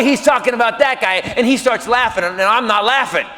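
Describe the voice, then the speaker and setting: A man performing a stand-up routine, telling a story with quick, animated turns between voices. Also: very high-pitched, background noise. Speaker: stand-up comedian. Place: comedy stage before an audience. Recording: live stage, hall reverb, faint audience.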